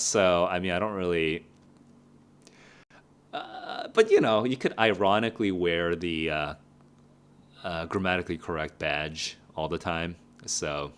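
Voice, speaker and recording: A man tutoring for a test in a casual live Q&A, repeating grammar drills slowly and answering chat questions. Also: fairly low pitch, fairly bright tone, clean tone. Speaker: SAT tutor. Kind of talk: casual livestream Q&A lesson.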